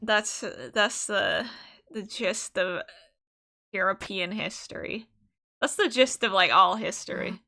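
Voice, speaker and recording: Bright-voiced woman rambling while gaming. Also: medium pitch, slow, gravelly. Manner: rambling, musing aloud with fillers and loose asides. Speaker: streamer. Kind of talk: casual gameplay commentary.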